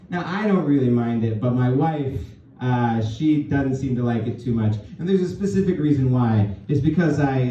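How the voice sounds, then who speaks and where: Performing in a small comedy club, a man from California rambles through a self-deprecating stand-up routine packed with fillers, his mid-range voice warm in tone. Laughter comes from the audience, and the roomy, distant, dull recording carries a little hiss or hum.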